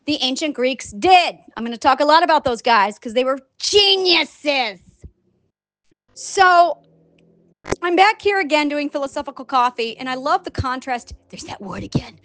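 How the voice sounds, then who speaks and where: A woman talking casually on her vlog in an animated, rambling way, swearing now and then and acting out other people's voices. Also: sits high, moderate pace, dry recording. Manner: animated and rambling, with frequent profanity; acts out quoted voices. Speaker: scientist and online writer. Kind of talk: casual unscripted vlog monologue.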